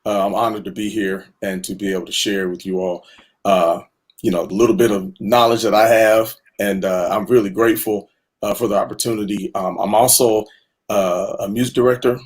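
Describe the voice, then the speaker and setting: A man with a fairly low, husky voice introduces himself as a guest on an online panel. He speaks earnestly and haltingly, with many fillers, over a video-call connection. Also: steady tone. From Houston area. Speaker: panel guest, music director and producer. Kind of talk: casual online panel chat.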